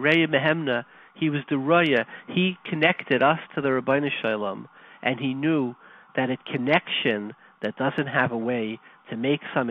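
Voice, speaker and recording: A man's voice: mid-range voice, dry recording. A man hosting a Torah talk show, telling a story in a folksy, conversational lecturing way with Hebrew and Yiddish terms. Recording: tinny phone line, dry.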